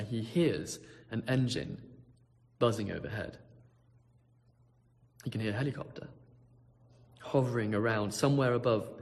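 A pastor preaching a sermon, telling a story vividly, swinging from hushed tones to loud ones. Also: male voice, lowish voice, big-room sound.

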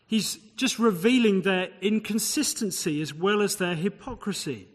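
Male preacher, conversational expository sermon, slightly raised pitch, long echo of a hall. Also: normal speed, few pauses. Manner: expository, conversational asides, rhetorical questions.

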